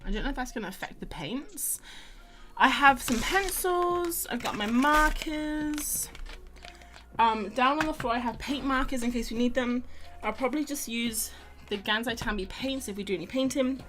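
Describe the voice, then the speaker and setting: A woman's voice: high voice, moderate pace, fairly bright tone. Young woman, chatty livestream host, rambling casual talk, faint music behind. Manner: chatty, rambling, greets viewers by name. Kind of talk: casual chat while drawing.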